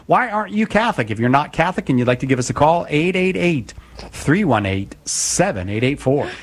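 A man hosting a live call-in radio show, chatty and joking with quick asides. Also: fairly high pitch, big pitch swings.

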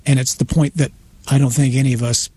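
A man, a priest guest on a radio interview, retelling a story in a conversational, animated way. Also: mid-range voice, fast talker, slight background noise. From United States. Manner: conversational, acts out voices in his retelling, frequent restarts.

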